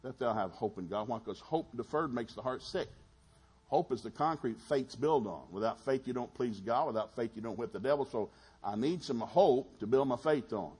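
A man preaching a sermon in a folksy, animated storytelling manner, with quick asides to the congregation. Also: mid-range voice, slightly rough.

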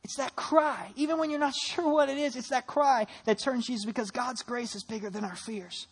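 A woman preacher giving a sermon, retelling scripture with animated storytelling and rhetorical questions. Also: fairly high pitch, normal speed, breathy edge.

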